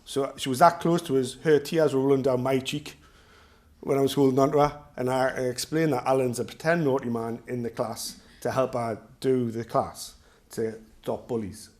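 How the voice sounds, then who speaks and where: A man's voice: mid-range voice, fairly even intonation, normal speed, a little mellow. A middle-aged man with a Geordie accent, a self-defence instructor telling rambling, jokey stories to his class. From North East England. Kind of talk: casual class talk with anecdotes.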